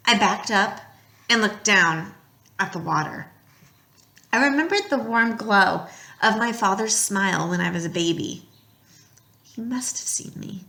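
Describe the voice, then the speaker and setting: Woman reading a story aloud, lively ups and downs, bright voice, a bit echoey. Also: medium pitch, gravelly. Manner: expressive storytelling, drops quiet at tense moments. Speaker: audiobook reader. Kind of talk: first-person novel narration.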